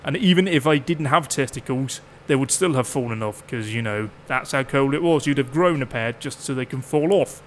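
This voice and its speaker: A man's voice: mid-range voice, a little hiss or hum. A man chatting casually and jokingly while playing a farming game, swearing freely. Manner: chatty, jokey, swears freely, puts on quick mock voices. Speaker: gameplay streamer.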